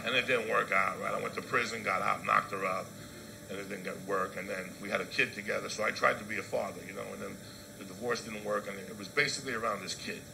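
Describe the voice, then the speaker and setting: A middle-aged man telling a stand-up story, profane, swinging from loud outbursts to low asides. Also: fairly even intonation, quick pace, gravelly, background noise. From New Jersey. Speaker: comedian.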